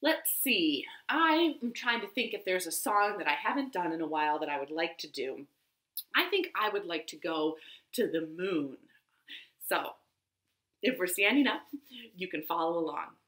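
A woman hosting a children's storytime, reading aloud slowly and expressively from her living room. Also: fairly low pitch. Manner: animated, slow and expressive.

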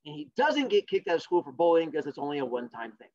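A male teacher telling fables to an online class, jokey and animated, with sarcastic asides, in a dull lo-fi recording. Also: fairly high pitch, fast talker. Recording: dull lo-fi sound.

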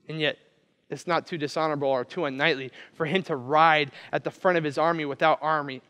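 Animated pastor in a reverberant church. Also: male voice, on the high side. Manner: animated storytelling, acting out quoted voices. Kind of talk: sermon.

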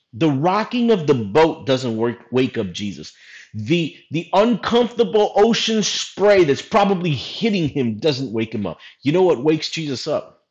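Animated preaching man. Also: on the high side. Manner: animated storytelling preaching, casual slang. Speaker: pastor. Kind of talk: sermon.

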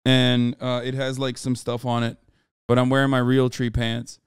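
A man streaming live, chatting casually in an animated, profane, rambling way full of restarts. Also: medium pitch, moderate pace, clear, resonant tone, dry recording, clean studio sound. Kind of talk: casual livestream chat.

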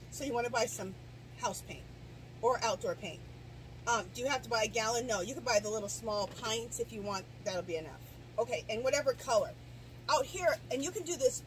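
Chatty middle-aged woman vlogger with hiccups, fairly high voice, camera set off to the side outdoors, noisy background. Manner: chatty, rambling, many restarts and asides. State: hiccups and coughing. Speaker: garden vlogger. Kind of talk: casual DIY tutorial. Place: outdoors in a garden. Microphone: camera set down at a distance.

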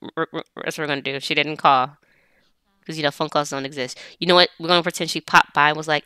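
Chatty woman gamer, bright crisp voice, dry close sound, bosses her characters around. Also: low voice, level tone, fast, dry recording. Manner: chatty, talks directly to her game characters. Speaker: let's play gamer. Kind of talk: casual gameplay commentary.

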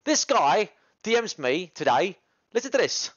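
A man livestreaming while he cooks, brash and rambling, his voice swinging to loud animated bursts. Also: high-pitched, a little slow, dry recording, dull audio. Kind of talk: casual cooking livestream chat. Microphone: GoPro camera mic.

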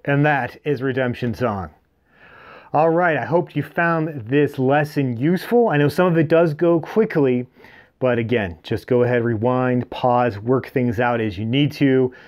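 A man's voice: medium pitch, measured pace, darkish tone. A man giving a guitar lesson, explaining chords and strums plainly and counting beats aloud as he plays. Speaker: guitar teacher. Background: his own acoustic guitar playing.

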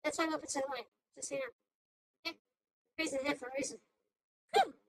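A woman voicing a squeaky, hyper AI cartoon host. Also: rapid-fire, no echo, poor audio. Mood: excitable. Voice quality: squeaky, bouncing between shouts and mutters. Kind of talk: rambling commentary on a news clip.

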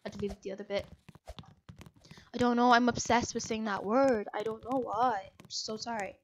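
A woman giving live commentary over her own gameplay. She is excitable, shrieks and laughs at scares, then chats on and apologizes a lot. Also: fairly high pitch, moderate pace, dull audio, a little hiss or hum. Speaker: gaming channel host.

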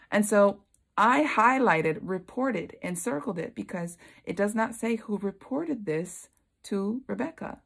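A woman's voice: mid-range voice, expressive, unhurried, vocal fry, breathy edge. A woman leading a Bible study, retelling the story expressively and acting out its characters.

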